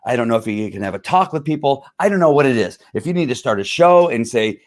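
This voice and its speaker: Male livestream host, mid-pitched, heated rant, frustrated, rambling, lots of fillers. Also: animated, quick pace, hardly any pauses.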